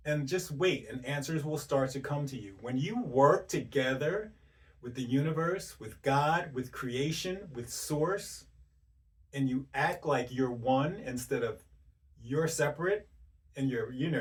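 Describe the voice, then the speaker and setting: Guy doing a self-help talk, punchy questions one after another, mic kinda far off. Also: medium pitch. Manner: rapid-fire rhetorical questions, direct and emphatic. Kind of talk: motivational monologue.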